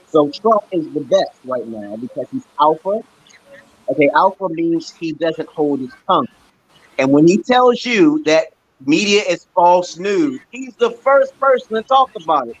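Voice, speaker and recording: Stream host, male, from Brooklyn; insistent lecturing delivery, husky tone, muffled lo-fi sound. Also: a little high, fairly bright tone. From Brooklyn, New York, USA. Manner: emphatic, repetitive, insistent. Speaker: livestream host. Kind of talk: lecturing livestream chat.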